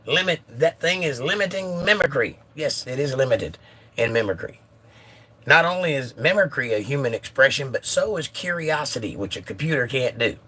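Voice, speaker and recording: A man's voice: medium pitch, lively intonation, normal speed, sharp tone, slightly rough. A man hosting a casual phone livestream, chatting and reading viewer comments aloud with a joking manner. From United States. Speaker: livestream host.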